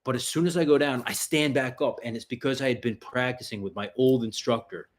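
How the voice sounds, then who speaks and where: On his self-defense livestream, a male host with a mid-range voice talks at a brisk clip. He rambles through street-fight tales, cursing heavily in a casual way.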